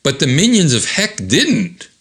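A man's voice: a little high, sing-song, unhurried, a bit bright, pitched above the performer's own voice. A man voicing a wry, sarcastic girl. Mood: puzzled.

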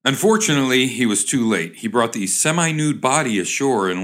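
A man reads old jokes aloud and rambles through descriptions of cartoons, stopping often with uh and restarts. His pitch swings in a lively way, with a wry, easygoing delivery. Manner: halting, lots of uh and restarts, wry. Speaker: host reading jokes aloud. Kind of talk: casual reading and rambling description.

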